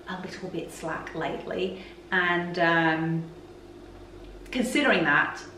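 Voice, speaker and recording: A woman's voice: lowish voice, a bit bright, slight background noise. A woman vlogger chatting frankly and openly to camera. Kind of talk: casual chat to camera. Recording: roomy echo, voice from a distance.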